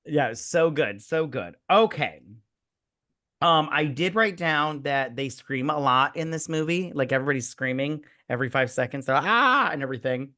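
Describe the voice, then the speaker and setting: A man's voice: mid-range voice, moderate pace, bright, forceful tone. A man co-hosting a casual movie review chat, rambling and enthusiastic, full of fillers and quoted lines. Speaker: podcast co-host.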